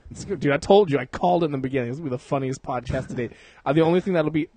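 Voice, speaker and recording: A man's voice: a little high, rapid-fire, a little mellow, a little hiss or hum. A young man hosting a casual podcast, rambling and swearing a lot, laughing often. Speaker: podcast host.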